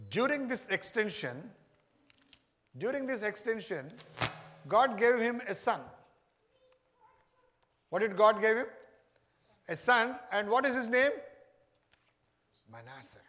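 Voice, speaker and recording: Guy preaching, high voice, echoey hall, keeps repeating questions. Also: big pitch swings, slow, pauses often, a bit bright. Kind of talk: sermon.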